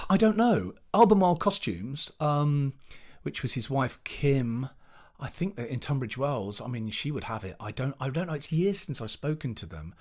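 A man, a pantomime performer chatting as an interview guest, telling animated anecdotes and restarting as he searches for words. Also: mid-range voice, normal speed. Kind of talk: casual interview chat.

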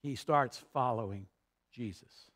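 A man's voice: mid-range voice, slow pace, a bit bright. A male pastor preaching a sermon, retelling a story and building to emphatic peaks.

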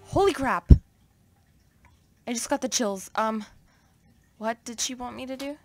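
A woman's voice: on the high side, measured pace, faint music behind. A woman giving casual, self-mocking commentary while playing a game, often mumbling to herself. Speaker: let's play gamer.

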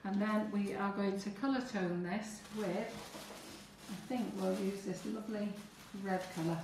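A woman's voice: mid-range voice, fairly even intonation, measured pace, recorded from a distance, background noise. A woman teaching cake decorating on a live stream, chatting to viewers as she works through each step. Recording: echoey room, away from the mic.

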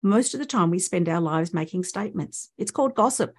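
A woman's voice: lowish voice, lively intonation, brisk, breathy edge. A woman with an Australian accent, a speech pathologist giving a conference presentation and explaining points with rhetorical questions to the audience.

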